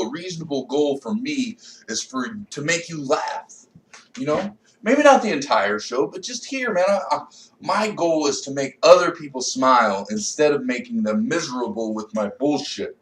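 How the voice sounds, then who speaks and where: A young man, a comedian, giving a rambling, profane rant that swings from low mutters to loud outbursts. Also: distant mic. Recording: echoey room, a bit off-mic.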